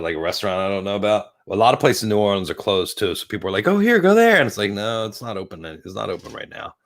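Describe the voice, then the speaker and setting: A man in his fifties hosting a casual live stream from a porch, rambling and giggling while very high. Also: vocal fry, fairly bright tone. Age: 50s. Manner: rambling, giggly, stoned and slowing down. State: very high on cannabis. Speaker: livestream host. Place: outdoor porch.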